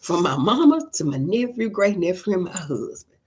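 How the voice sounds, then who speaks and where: A woman's voice: lowish voice, big pitch swings, moderate pace, a little mellow, slightly rough. A middle-aged woman hosting a casual livestream, telling heartfelt stories and reading viewer comments aloud. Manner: emotional, heartfelt storytelling. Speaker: livestream host.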